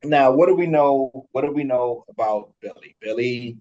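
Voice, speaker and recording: A man's voice: medium pitch, normal speed, a little mellow, muffled recording. A man co-hosting a podcast in casual chat, laughing often and swearing loosely. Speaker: podcast co-host.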